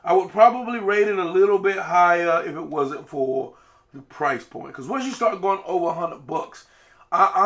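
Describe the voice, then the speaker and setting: A man's voice: fairly high pitch, fairly bright tone. Laid-back man reviewing whiskey. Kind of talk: casual spirits review.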